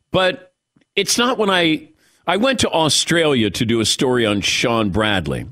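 Animated middle-aged sports radio host. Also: male voice, mid-range voice, a little slow. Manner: animated, laughs often. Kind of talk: casual sports talk chat.

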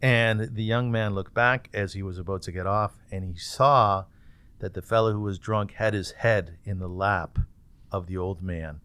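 A man hosting an interview, telling an anecdote in a lively, expressive way. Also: on the low side, moderate pace, clean tone, no echo. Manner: animated storyteller, acts out voices in anecdotes. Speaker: interviewer, host. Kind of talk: podcast interview, storytelling.

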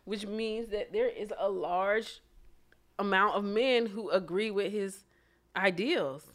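A woman's voice: medium pitch, slow pace, a bit bright. A woman co-hosting a casual chat, blunt and profane, who laughs often. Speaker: podcast co-host.

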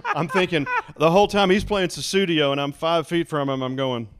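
Man spinning an animated radio story. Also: fairly high pitch, a little fast, clean tone. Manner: animated storyteller, imitates voices and laughs often. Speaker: former radio DJ guest. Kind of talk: casual storytelling chat.

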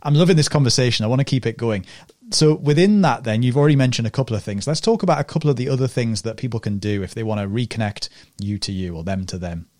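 A man's voice: mid-range voice, quick pace, a little mellow, dry recording, clean studio sound. A man hosting an interview podcast, talking in an enthusiastic, rambling way with lots of restarts. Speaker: podcast host.

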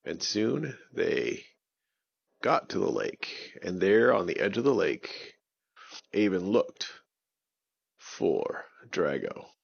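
A man narrating a bedtime story for children in a gentle, unhurried way. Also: sits low, big pitch swings, gravelly, slightly rough, highs cut off.

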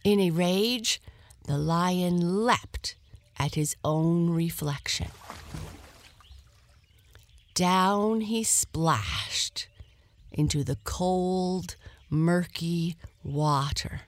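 A woman narrating a bedtime story softly, slipping into a whisper. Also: on the low side, no echo. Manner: soft, slow and lulling, dropping to a whisper.

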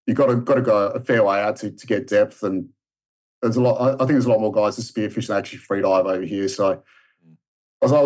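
This Australian man in his thirties talks fast, with a low-leaning, somewhat dark voice. As a guest on a podcast, the strength and conditioning coach tells a lengthy story in a relaxed interview, often restarting and using fillers.

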